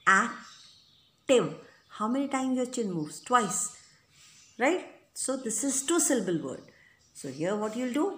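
A woman's voice: on the high side, reverberant. A woman teaching an English grammar lesson, explaining rules patiently and checking in often with the listener. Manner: patient, repetitive, checks in with "right?" and "okay?".

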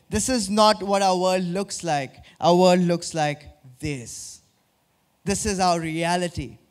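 A man preaching a sermon as pastor, asking the congregation questions and dropping low and slow on key words. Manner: drops low and slow for emphasis.

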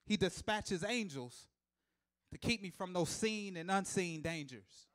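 High-voiced preacher building to shouts. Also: male voice, animated, a little slow. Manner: builds to loud emphatic shouts, chuckles between points; repeats key lines for emphasis, calls to the congregation. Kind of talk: live church sermon. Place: church sanctuary.

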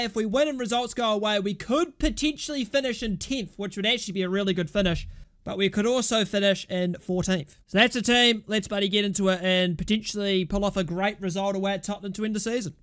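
A young man casually commentating his own football management game, chatting through results and shouting at goals and bad calls. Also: high-pitched, smooth. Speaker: gaming YouTuber.

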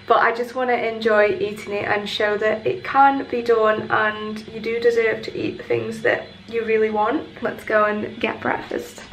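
A woman's voice: a little high, level tone, normal speed, hardly any pauses, a bit bright. A young woman in her twenties, vlogging casually and talking candidly and chattily straight to the camera. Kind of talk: casual vlog chat.

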